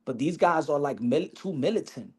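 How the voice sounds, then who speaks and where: A man's voice: a little high, animated, normal speed, husky. A man giving casual boxing opinions, rambling with restarts and dropping Spanish slang. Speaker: boxing commentator.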